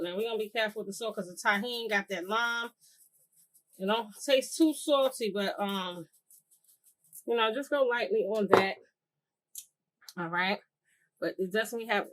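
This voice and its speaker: A cooking channel host casually walks viewers through a recipe, calling them "y'all," rambling with lots of fillers and restarts and circling back on herself. She has a medium-pitched, fairly bright voice, and the audio quality is poor.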